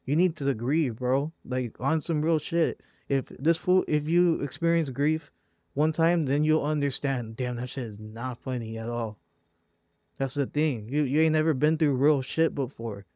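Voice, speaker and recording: A man's voice: a little high, a little slow, mellow, no room sound, studio quality. A man hosting a podcast, ranting bluntly and profanely, calling his target "bro". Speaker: podcast host. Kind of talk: heated podcast rant.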